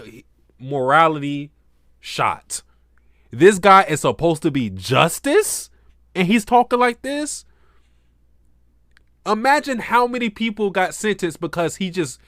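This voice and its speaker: A streamer giving loud, excitable let's play commentary, swearing and laughing in disbelief at the game. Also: mid-range voice, dry recording, clean studio sound.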